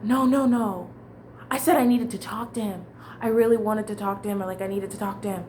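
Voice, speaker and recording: A young woman tells her story in a loose, candid ramble, full of restarts and casual swearing. Her voice sits at a middle pitch, with faint noise in the background. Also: fairly even intonation, brisk, a little mellow. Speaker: vlogger.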